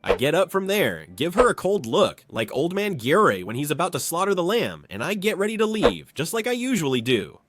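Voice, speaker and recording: A man's voice: fairly high pitch, big pitch swings, a little fast, hardly any pauses, a bit bright, soft background music. A man narrating a comic story in casual spoken style, doing the other characters' voices himself, with crude slang and a habit of saying "man". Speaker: storyteller voicing all the characters.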